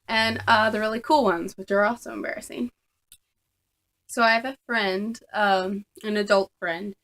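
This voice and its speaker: A young woman telling a casual storytime vlog to a camera on a tripod. She talks in an animated, chatty way with lots of fillers. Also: mid-range voice. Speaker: vlogger.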